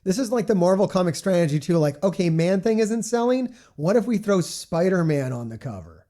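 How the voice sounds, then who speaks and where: A man's voice: sits high, expressive, fairly quick, dark tone. Joking, profane male streamer. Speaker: streamer host. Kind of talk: casual stream chat.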